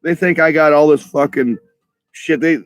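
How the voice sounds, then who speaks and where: A man's voice: fairly high pitch, steady tone, moderate pace, no room sound. Profane ranting man, stammering. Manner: profane, heated, stammering restarts. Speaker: vlogger. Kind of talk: ranting monologue.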